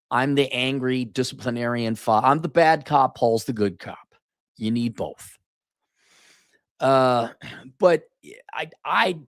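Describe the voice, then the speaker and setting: A man's voice: mid-range voice, no room sound, studio quality. An older man in a casual opinion monologue, blunt and profane, often acting out mocking quotes in a raised, exasperated voice. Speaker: commentator.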